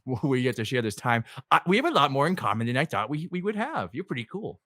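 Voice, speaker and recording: Animated male player, restarts often, very dry mic. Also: medium pitch, quick pace, dry recording. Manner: stammering, animated, self-conscious. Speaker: player voicing a kid character. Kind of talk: in-character tabletop play.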